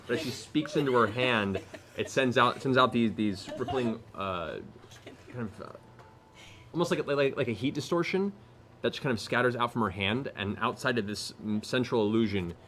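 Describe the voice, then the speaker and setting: A man narrating a tabletop game as game master, describing the scene in halting, searching phrases. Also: medium pitch, a bit bright, a little hiss or hum.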